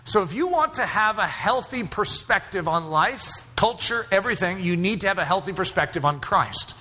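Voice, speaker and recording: A man preaching a sermon as pastor, emphatic and rising to shouts at his strongest points. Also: high voice, lively intonation, moderate pace. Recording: hall reverb.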